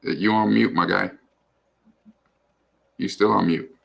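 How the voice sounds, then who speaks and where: A man's voice: sits low, steady tone, takes it slowly, gravelly, fairly bright tone. A man co-hosting a livestream, chatting casually in a rambling, loose way with lots of fillers and the odd swear word. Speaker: livestream co-host. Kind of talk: casual chat.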